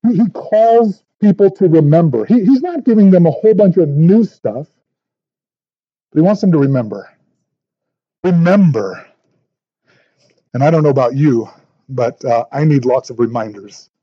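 A man's voice: a little high, animated, normal speed, pauses often, no echo, lo-fi sound. A male pastor preaching verse by verse in an earnest, thinking-aloud way, often repeating words as he goes. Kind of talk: verse-by-verse sermon.

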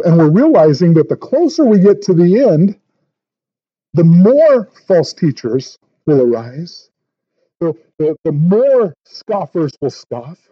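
A man's voice: on the high side, slightly rough, no echo, highs cut off. A male pastor preaching verse by verse in an earnest, thinking-aloud way, often repeating words as he goes. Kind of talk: verse-by-verse sermon.

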